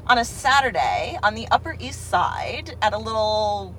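A woman's voice: mid-range voice, big pitch swings, moderate pace, fairly bright tone, faint music behind, rough recording. A woman co-hosting a podcast, chatting casually and swearing freely with many fillers, inside a moving car. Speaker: podcast co-host. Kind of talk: casual chat, telling a dating story. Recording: road noise from a car.

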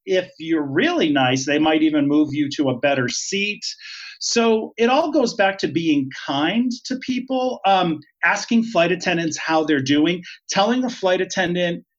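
A chatty, emphatic man speaks as a podcast guest. His voice is fairly high for a man. The recording is dull and lo-fi. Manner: chatty and emphatic, laughs easily. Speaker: podcast guest, retired flight attendant. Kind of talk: casual interview. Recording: dull lo-fi sound.

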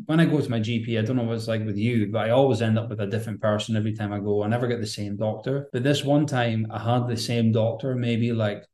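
A man's voice: lowish voice, fairly even intonation, fast, few pauses, darkish tone, roomy sound. A man, a podcast guest telling a candid personal story in a rambling, earnest, conversational way.

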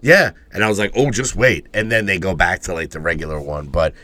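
A man's voice: low-pitched, fast, sharp tone, no echo. A man co-hosting a podcast, telling a rambling story in casual chat, swearing and laughing often. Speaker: podcast co-host.

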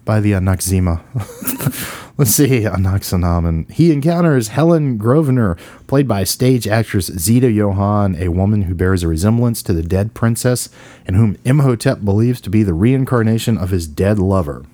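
A man's voice: lowish voice, animated, moderate pace, dark tone, no room sound. A man hosting a podcast, joking and teasing his co-host as he runs through an old horror film. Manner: playful, jokey, teasing. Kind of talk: casual banter and film rundown.

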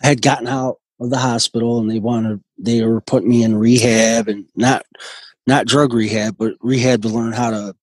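A man in his forties, a guest telling his recovery story in a halting, earnest way with many restarts. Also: medium pitch, flat delivery, no echo, low-quality recording. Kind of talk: personal recovery story in conversation.

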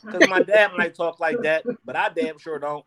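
A man's voice: a little high, moderate pace, fairly bright tone. A man co-hosting a casual podcast chat, skeptical and blunt, joking as he argues his point. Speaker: co-host.

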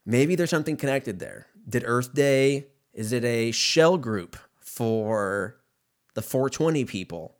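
Rambling man with a lively, swinging voice. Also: medium pitch, slow pace. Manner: rambling, profane, laughs often. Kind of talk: casual rambling monologue.

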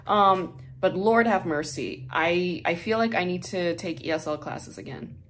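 A woman's voice: on the low side, a little slow, fairly bright tone, a little hiss or hum. A woman hosting a podcast who chats casually and candidly, swearing freely and laughing often; English is her second language. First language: not English. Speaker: podcast host.

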